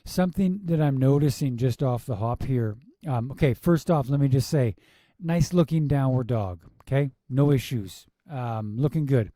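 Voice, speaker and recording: A man reviews a yoga class video, firing off exasperated rhetorical questions and quick asides. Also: medium pitch, dark tone, no room sound, clean studio sound. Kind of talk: casual critique with commentary.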